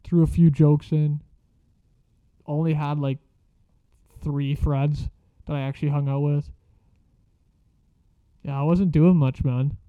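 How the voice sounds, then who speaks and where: A man's voice: a little high, fairly even intonation, slow pace, long pauses, smooth, dry recording, narrow, tinny audio. A young man telling a rambling story in a casual, slangy way, swearing a lot.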